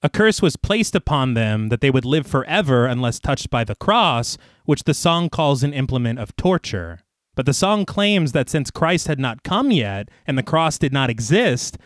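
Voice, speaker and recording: A man at mid pitch recaps a film plot for a podcast in a steady reading voice, then drops in joking asides. The sound is dry and close, with no room around it. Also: moderate pace, no echo. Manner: reads recap evenly, then jokes with animated asides.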